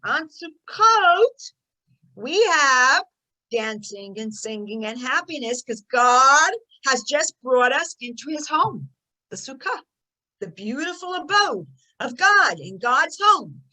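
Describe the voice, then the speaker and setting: A woman teaching a lesson through stories, animated, swinging between loud and soft for emphasis. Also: sits high, takes it slowly, rough recording. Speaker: rebbetzin teaching. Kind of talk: storytelling lesson.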